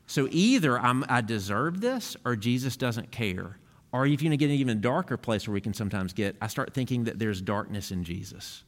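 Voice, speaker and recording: A man's voice: medium pitch, lively intonation, fairly quick, long reverb tail. A man preaching a sermon as pastor, earnest and conversational, often restarting his phrases.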